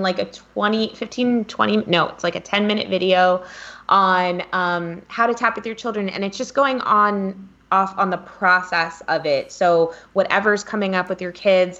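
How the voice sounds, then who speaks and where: A woman hosting a casual chat about tapping, rambling and correcting herself as she talks. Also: medium pitch. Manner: rambling, self-correcting, warm enthusiasm. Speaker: podcast host leading tapping. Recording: dull lo-fi sound.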